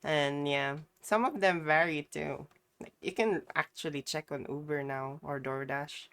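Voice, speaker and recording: A woman's voice: sits low, unhurried, fairly bright tone, clean tone. A woman streamer chatting casually while reacting to a clip, rambling and trailing off. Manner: rambling, many fillers and restarts.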